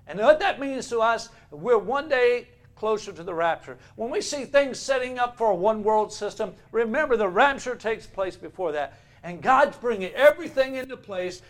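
A man's voice: sits high, lively intonation, moderate pace, few pauses. A man preaching a sermon, reading archaic scripture passages and explaining them with emphatic, rising delivery.

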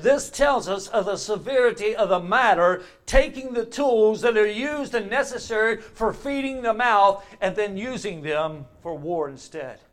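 An older man delivers a sermon, his voice sitting rather high for a man. He has a relaxed, folksy way of telling stories and homespun asides from the pulpit. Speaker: pastor.

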